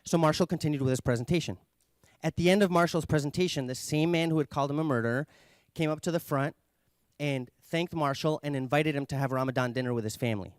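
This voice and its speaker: A man giving an earnest conference talk, explaining ideas and telling a story with pauses and fillers. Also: a little high, no room sound. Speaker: conference speaker.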